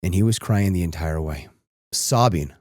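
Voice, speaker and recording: A podcast host in his thirties, with a deep, dark voice and lively intonation at a moderate pace, shares a personal story. He starts off reflective and turns emotional and tearful, in a studio-quality recording with no room sound.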